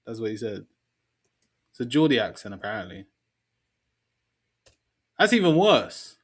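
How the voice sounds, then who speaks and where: A man's voice: medium pitch, sing-song, a little slow. A man co-hosting a film podcast, chatting casually and stubbornly holding his point, with a British accent. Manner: laid-back, trailing off, stubborn in banter. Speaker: podcast co-host. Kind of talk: casual chat.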